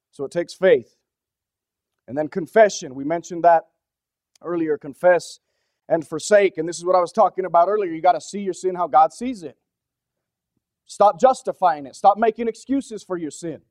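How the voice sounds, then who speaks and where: A man with a notably high voice preaches a sermon. He talks in an earnest, conversational way, often asking his listeners questions, and moves between hushed, low-key stretches and urgent emphasis. The sound is dry and close, with no room echo. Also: normal speed, pauses often. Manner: drops to a soft, low-key delivery for stretches, then rises with urgency.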